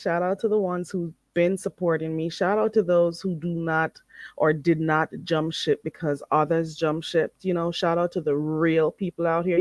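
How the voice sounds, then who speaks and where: A woman's voice: on the low side, dry recording. Blunt, chatty woman, dry and close. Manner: chatty, blunt, repeats herself with fillers. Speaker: livestream host teaching phrases. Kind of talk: casual livestream chat.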